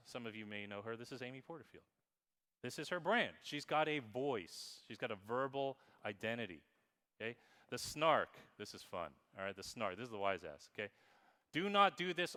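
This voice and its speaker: A man giving a lively conference keynote on marketing, playful and quizzing the crowd, reading examples aloud in exaggerated voices. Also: medium pitch, smooth. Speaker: keynote speaker. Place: conference hall with audience. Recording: long hall reverb.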